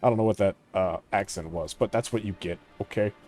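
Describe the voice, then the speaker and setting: A man giving casual commentary on a strategy game, mumbling to himself and trailing off into quiet asides. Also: fairly low pitch, a little fast, soft background music. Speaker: gaming channel host.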